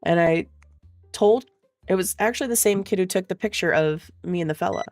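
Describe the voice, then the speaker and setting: A woman's voice: fairly low pitch, fairly quick, a little mellow, faint music behind. A young woman streamer telling a rambling, swear-laden story in a casual way, full of fillers. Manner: profane, rambling, filler-heavy.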